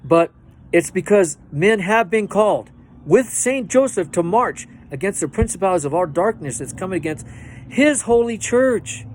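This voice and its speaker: A man's voice: high voice, expressive, normal speed, slight background noise. A man hosting his own faith vlog, preaching earnestly and directly to viewers and repeating himself for emphasis. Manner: fervent, earnest, speaks straight to viewers. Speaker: host of a religious video channel.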